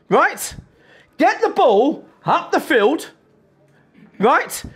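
A man's voice: extremely high pitch, very animated, drawn-out words, long pauses, fairly bright tone. A man gives a blunt half-time team talk, swearing freely and pressing his players with urgency. He talks as a football manager in a dressing room.

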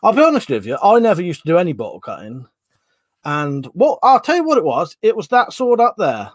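A man's voice: high-pitched, wildly swooping pitch, brisk, no room sound. A man hosting a casual livestream, rambling and chatty as he reads out chat messages and swears offhand. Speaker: livestream host reading chat.

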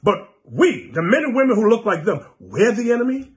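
Fiery preacher, high voice that leaps around, mocking and scolding, breaks into shouts. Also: male voice, very animated, fairly quick. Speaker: preacher and teacher. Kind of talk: sermon.

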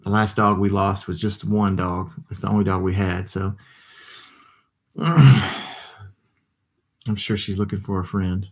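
A man with a drawl hosts a relaxed livestream from his home desk, chatting with viewers and answering their comments. His voice sits a little low, and he rambles in a loose, tired way, yawning as he talks. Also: normal speed, hardly any pauses. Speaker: livestream host. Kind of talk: casual live chat reading comments.

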